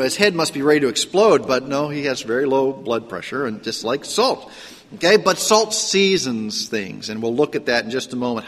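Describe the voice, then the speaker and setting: A man's voice: mid-range voice, fairly bright tone, in a large hall. A man from Pittsburgh with a trace of a Pittsburgh accent, preaching a sermon as a pastor in a conversational way, full of rhetorical questions and restarts. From Pittsburgh, Pennsylvania. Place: church sanctuary.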